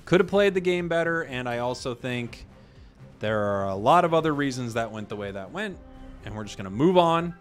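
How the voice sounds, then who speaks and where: Young male gaming host, casual rambling commentary, dry joker, mid-pitched voice. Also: moderate pace, faint music behind. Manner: rambling, joking, deadpan tall tales.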